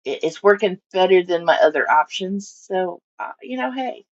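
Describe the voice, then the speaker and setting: A woman's voice: lowish voice, animated, normal speed, a little mellow. A woman chatting casually on a home live stream about her fish tanks, rambling and giving her fish silly voices. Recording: dull lo-fi stream audio.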